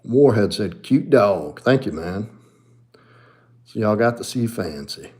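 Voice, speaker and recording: Blunt, profane New Orleans man. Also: slow pace. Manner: blunt and profane, swings between low mutters and animated outbursts. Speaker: livestream host and martial arts coach. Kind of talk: casual livestream chat reading comments.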